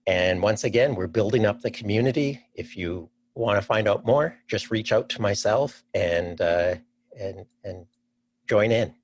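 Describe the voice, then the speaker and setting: A man's voice: on the low side, unhurried. A man from Canada chatting as a podcast guest, enthusiastic and thinking aloud before he answers. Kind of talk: casual interview chat.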